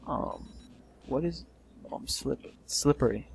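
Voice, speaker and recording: A young man giving casual let's play commentary, swearing and yelling in frustration as he plays. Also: medium pitch, takes it slowly, gravelly, a little hiss or hum.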